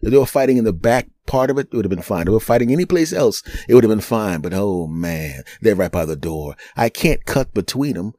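A middle-aged man, a podcast host and comedian, telling a story in an animated, chatty way with chuckling asides. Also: lowish voice, fast talker, hardly any pauses, dry recording. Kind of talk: storytelling monologue.

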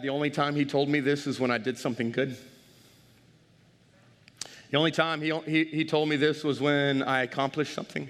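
Higher-voiced preacher in a reverberant hall. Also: male voice. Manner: animated, direct, engages the crowd. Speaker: pastor. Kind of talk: sermon.

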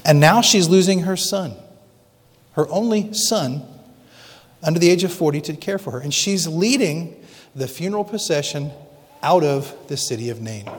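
A man preaching a sermon dramatically, slowing down for emphasis. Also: fairly high pitch. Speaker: pastor. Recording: long reverb of a large hall.

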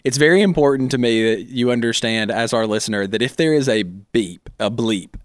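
A man's voice: medium pitch, fairly quick, dry recording, studio quality. A man co-hosting a church podcast who talks in an earnest way and explains word meanings. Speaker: podcast co-host. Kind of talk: casual church podcast chat.

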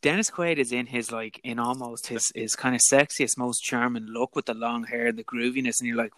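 Talking films on a podcast, this animated, chatty co-host slips in Irish expressions as he goes. He speaks at medium pitch and a moderate pace with few pauses, and his remote call mic captures no echo.

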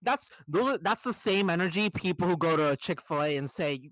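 A young man hosting a podcast, telling stories about bad customers in a casual, profane and animated way. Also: a little high, brisk, dry recording. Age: young adult. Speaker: podcast host. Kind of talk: casual chat.

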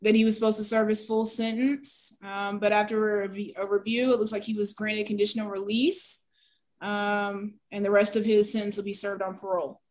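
A woman co-hosting a podcast, reading information aloud in a measured way with some hesitant ums. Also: mid-range voice, little pitch movement, a little mellow, poor audio. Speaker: podcast co-host. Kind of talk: reading search results aloud.

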